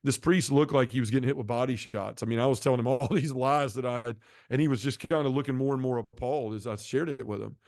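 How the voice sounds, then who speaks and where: A man tells his life story earnestly and at a quick clip, acting out what people said. His voice sits in a middle register and is recorded close and dry, with no room sound. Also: medium pitch, a little mellow, no echo. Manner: earnest, acts out quoted dialogue. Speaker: podcast guest. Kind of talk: personal testimony storytelling.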